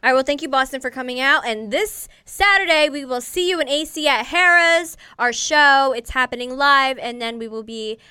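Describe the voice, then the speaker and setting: A woman's voice: high voice, normal speed, few pauses, pushed and bright, smooth, no echo, studio quality. A woman co-hosting a podcast in casual chat, blunt and swearing freely. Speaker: podcast co-host.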